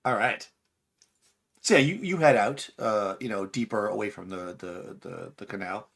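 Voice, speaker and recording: A man's voice: fairly low pitch, moderate pace, creaky, fairly bright tone, breathy edge. A man narrating as game master for a tabletop game, rambling with fillers and restarts.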